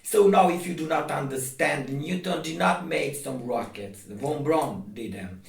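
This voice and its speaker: A man's voice: on the high side, measured pace, creaky. Insistent man talking from across a roomy space. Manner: repetitive, restarts often, insistent. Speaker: video host. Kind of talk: casual explaining to camera. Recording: roomy echo, distant from mic.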